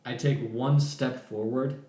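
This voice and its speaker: A young man telling a work story on a podcast, animated and laughing, then dropping to deadpan. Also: medium pitch, measured pace. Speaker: podcast guest. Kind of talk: casual storytelling. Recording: echoey room.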